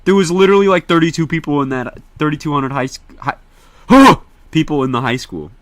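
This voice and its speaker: A young man from Indiana, chatting casually to viewers on a livestream in an excitable, slangy, profane way. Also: fairly high pitch, a little fast, no room sound.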